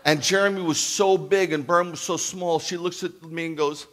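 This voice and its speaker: A man in his fifties delivers a humorous sermon as a rabbi. His voice sits a little high for a man, and he jumps into the parts of the people in his stories with lively, joking energy. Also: normal speed. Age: 50s. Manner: animated, jokey, acts out quoted dialogue. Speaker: rabbi preaching.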